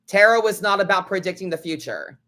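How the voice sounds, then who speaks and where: A man's voice: high voice, lively intonation, brisk, sharp tone. Sassy, blunt man hosting a tarot stream. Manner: blunt, sassy, swears freely, acts out other people's lines. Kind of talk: casual live-stream chat.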